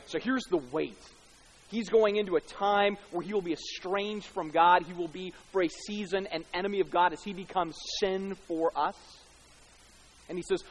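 Passionate preacher with emphatic swings. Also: male voice, high-pitched, normal speed, low-quality recording. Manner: swings from loud emphatic bursts to hushed tender passages, with casual asides. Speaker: pastor. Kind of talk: expository sermon.

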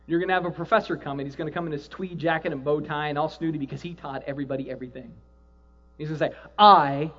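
A man with a notably high voice preaches to his church, telling a personal story in a sermon. He drops to a hushed, slow delivery for the sad parts and rises to loud, excited exclaiming for the happy ones. The recording is dull and lo-fi. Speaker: pastor.

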